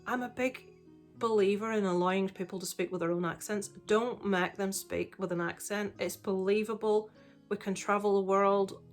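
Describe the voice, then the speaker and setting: Woman, film vlogger, candid chatty delivery, soft music behind. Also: medium pitch. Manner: chatty, candid, frequent "um" fillers. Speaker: film reviewer. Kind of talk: casual vlog review.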